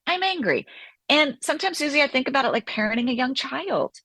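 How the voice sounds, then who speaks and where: A woman therapist talking as an interview guest, animated and acting out inner voices as she explains. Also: sits high, quick pace, no room sound. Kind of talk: conversational interview.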